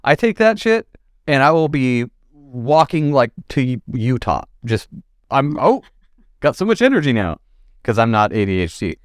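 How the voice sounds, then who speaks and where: A man's voice: medium pitch, very animated, normal speed, no room sound, studio quality. A man hosting a podcast in casual chat, crude and joking, rambling between topics. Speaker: podcast host.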